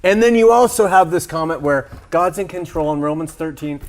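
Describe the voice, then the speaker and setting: A man's voice: a little high, fairly quick. A man hosting a faith talk show, pressing his co-hosts with provocative rhetorical questions. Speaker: show host.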